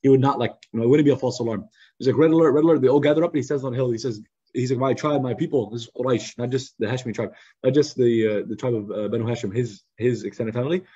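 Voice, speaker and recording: A man teaching a youth study circle in a lively, conversational storytelling style, acting out quotes over a video call. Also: mid-range voice, quick pace, husky. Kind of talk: casual storytelling lesson. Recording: slightly muffled lo-fi recording.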